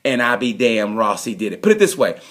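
A man hosts a comedic awards rundown in a rambling, excitable way. His pitch leaps around constantly, and he breaks into sudden loud outbursts. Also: a little fast. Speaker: host. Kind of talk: comedic monologue giving awards.

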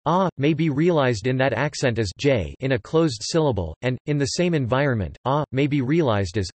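A man's voice: mid-range voice, normal speed, no echo. Synthetic male voice reading an article. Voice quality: flat, machine-like delivery with odd pronunciations. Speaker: text-to-speech reader.

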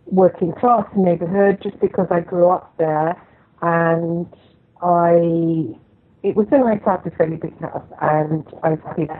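Middle-aged English woman, radio host, lowish voice, rambling and hesitant with many ums, dull lo-fi recording. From West London. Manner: rambling and hesitant, frequent ums, self-deprecating. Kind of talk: casual monologue. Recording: dull lo-fi internet radio sound.

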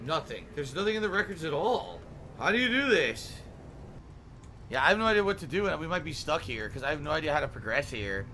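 A man's voice: on the high side, sing-song, fairly quick, bright, forceful tone, slight background noise, rough recording. A man streaming a game live, commenting as he plays, often frustrated and swearing. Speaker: gaming streamer.

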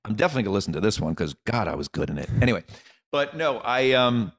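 Casting: middle-aged man, rambling comedian guest, lowish voice, loose joking chat. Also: big pitch swings, fast talker, a bit bright. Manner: rambling, joking, many restarts and asides. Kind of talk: casual interview chat.

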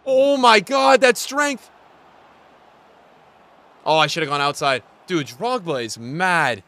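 An excitable young man streams a football game and talks to his chat the whole time. His voice is bright and sits a little high. It leaps from low muttering to loud cries. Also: slow, no echo. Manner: excitable, swings from mumbled asides to loud outbursts. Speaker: gaming streamer. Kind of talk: live gameplay commentary.

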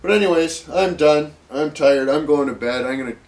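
A man's voice: fairly high pitch, normal speed. A man ranting casually to camera, rambling and profane, full of fillers and restarts. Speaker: vlogger.

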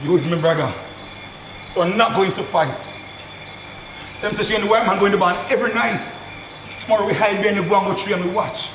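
A wary brother , played by a stage actor, with a fairly high voice that carries through a roomy hall. He is caught from a distance, with crickets chirping loudly behind. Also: fairly quick, long pauses, natural voice. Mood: resolute. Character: wary brother bringing bad rumors. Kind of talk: stage play acting. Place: theatre stage. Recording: echoey hall from far off, insect noise.

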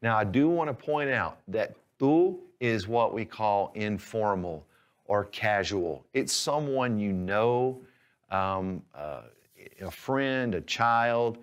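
Male teacher, patient, clear, step-by-step, fairly low voice. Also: lively intonation, slow pace. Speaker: language teacher. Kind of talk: instructional lesson.

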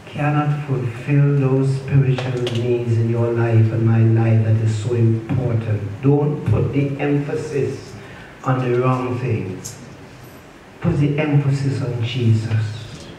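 A man preaches a sermon in an unhurried, measured way, repeating his phrases and drawing answers from the congregation. His voice is mellow and dark. It reaches the mic from a distance in a very echoey church, with faint room noise behind. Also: medium pitch, steady tone. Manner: preaching with repetition and call-and-response. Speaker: pastor. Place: church sanctuary. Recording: echoey church hall from far off.

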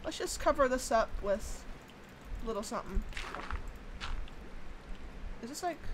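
A woman's voice: a little high, lively intonation, measured pace, noisy background. A young woman chatting and exclaiming casually through her own game commentary, swearing now and then when annoyed. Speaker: gaming YouTuber. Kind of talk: casual let's-play commentary.

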